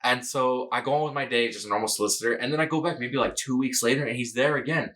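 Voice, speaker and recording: A man's voice: mid-range voice, quick pace, a bit bright, poor audio. A young man, a podcast co-host, telling a long story in casual chat with lots of fillers and restarts. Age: young adult. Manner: rambling storyteller, many fillers.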